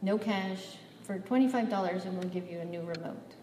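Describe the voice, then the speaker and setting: A woman's voice: medium pitch, normal speed, background noise. A woman preaching a sermon, telling a personal story and acting out the dialogue, rising to emphatic peaks. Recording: echoey hall, voice from far off, faint ambience.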